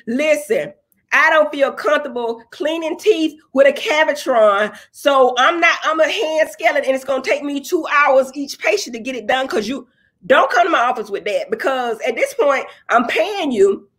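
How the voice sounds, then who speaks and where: Outspoken husky-voiced woman. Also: high-pitched, fairly bright tone. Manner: outspoken, blunt, swears freely, rambling. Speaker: dentist and reality TV personality. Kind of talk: casual opinionated livestream chat.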